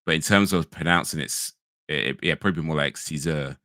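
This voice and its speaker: An English man chats loosely with his stream viewers in a casual live-stream, rambling with frequent restarts and fillers and laughing easily at his own asides. His very low voice still sounds bright and forceful, and he talks briskly. The recording is dry and close, with no room sound at all.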